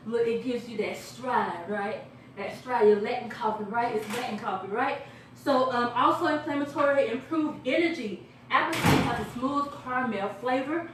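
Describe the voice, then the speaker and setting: An energetic woman pitches products to a small live audience, chatty and quick to laugh as she quizzes her listeners. Her voice sits a little high. She is heard from a distance in a very echoey room with faint background noise. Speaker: product presenter. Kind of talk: lively sales pitch to a small group.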